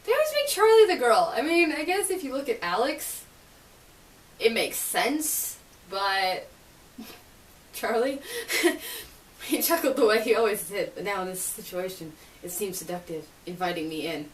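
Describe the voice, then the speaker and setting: A woman's voice: on the high side, very animated, measured pace. A young woman vlogging casually, chatty and giggly, with sarcastic asides while reading aloud. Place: bedroom, spinning in a chair. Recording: roomy, distant, faint hiss.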